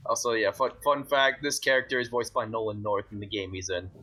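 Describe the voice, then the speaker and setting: A man playing in a tabletop game, chatting excitedly and tripping over his words as he explains things. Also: fairly low pitch, fairly quick, slightly rough. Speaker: player. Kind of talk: casual chat among players.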